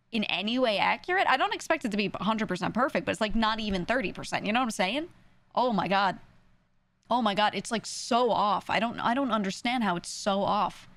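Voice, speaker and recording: A woman's voice: medium pitch, gravelly, a bit bright. Streamer, young woman, New York accent, casual ranting chat, swears freely.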